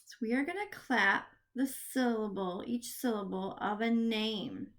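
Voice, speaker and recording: A woman teacher giving a literacy lesson to young children, drawing out words slowly and gasping with excitement. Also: fairly high pitch. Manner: slow, drawn-out words with excited gasps.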